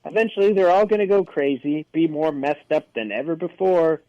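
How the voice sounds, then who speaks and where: A man on a panel reading a movie synopsis, then giving a brisk, wry opinion. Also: a little high, no room sound, dull audio.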